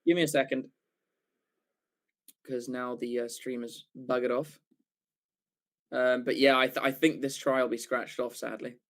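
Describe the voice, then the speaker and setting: A man giving live fan commentary for a watchalong stream, excitable, swearing casually and often correcting himself mid-call. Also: mid-range voice, measured pace, long pauses.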